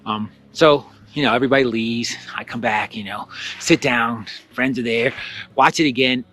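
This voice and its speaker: A man teaching spiritual self-help in a casual, storytelling way, chatty and animated, with lots of fillers and acted-out asides. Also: mid-range voice, normal speed. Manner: chatty and animated, with many fillers and acted-out quotes of his own thoughts.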